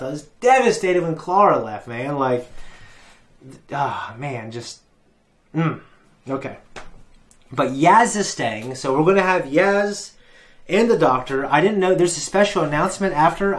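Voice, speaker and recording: Man, mid-pitched voice, casual episode review, rambling, swears freely. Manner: rambling, swears, lots of fillers. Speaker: reaction channel host.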